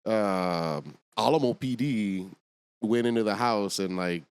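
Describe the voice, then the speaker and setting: A man's voice: fairly low pitch, slow pace, clean tone. Chill guy on a podcast, talks loose and slangy, calls everyone bro. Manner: laid-back slang, calls people dog and bro. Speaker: podcast guest. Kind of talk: casual chat.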